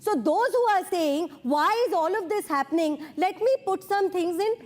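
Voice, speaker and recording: A female party spokesperson argues in a heated TV debate. Her voice is very high, and she presses on insistently, refusing to yield the floor. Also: brisk, a little mellow.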